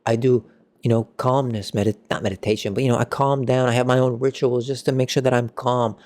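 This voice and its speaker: A young man giving a casual football match reaction, excitable and ranting, with sudden jumps in pitch. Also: fairly quick. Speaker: football fan vlogger.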